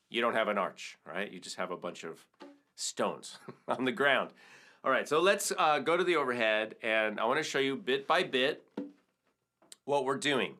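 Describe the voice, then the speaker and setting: This is a middle-aged percussion teacher with a sharp-toned, mid-range male voice. Leading a step-by-step hand-drum lesson, he counts and sings the rhythms out loud and drops into vocables, with congas and a wood block audible in the background.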